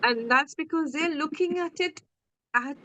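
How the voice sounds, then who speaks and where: A woman's voice: sits high, unhurried, a bit bright, rough recording. A woman hosting a podcast as a coach, talking bluntly and acting out quoted dialogue in candid chat.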